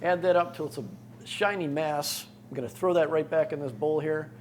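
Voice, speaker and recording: An easygoing man with a slightly high voice co-hosts a cooking demonstration in a studio kitchen. He talks plainly through what he is mixing, with faint noise in the background. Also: steady tone, moderate pace. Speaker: cooking show co-host.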